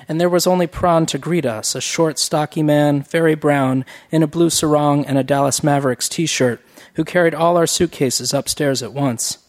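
A man narrating a first-person novel in a measured, wry, reflective reading. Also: on the high side, a little mellow. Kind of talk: audiobook narration.

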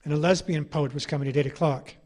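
A man's voice: fairly high pitch, steady tone, fast talker, a little mellow. A middle-aged man, an author giving an anecdotal public lecture, telling his stories with a wry, ironic edge.

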